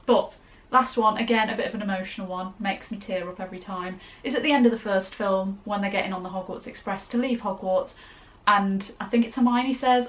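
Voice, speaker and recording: A woman's voice: medium pitch, fairly even intonation, fairly quick. A young woman answering fan questions in a casual vlog, chatty and gushing, rambling off on tangents. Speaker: YouTuber.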